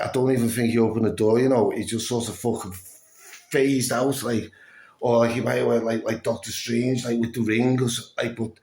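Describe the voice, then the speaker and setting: In a roomy-sounding space, a man with a mid-range voice narrates a story for a casual vlog. He comes off tired and breathless, swearing freely and reenacting others' quoted words.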